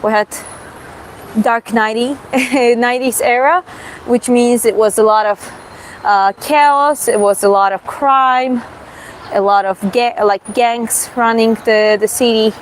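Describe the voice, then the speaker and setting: A young woman from Georgia, with a Georgian accent and a slightly high voice, narrates a live-streamed walk through her city's streets. She talks haltingly, with fillers and restarts. She is recorded outdoors on a handheld phone, with faint traffic behind her. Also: fairly even intonation. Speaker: vlogger giving a city walking tour. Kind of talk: casual live-stream walking tour.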